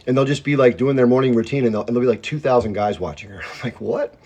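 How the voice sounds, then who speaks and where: This man's livestream comes from home via phone; he rambles, chews while talking, and calls out viewers by name as comments appear. He describes himself as a hyped-up talker, and his mid-range, slightly mellow voice races along.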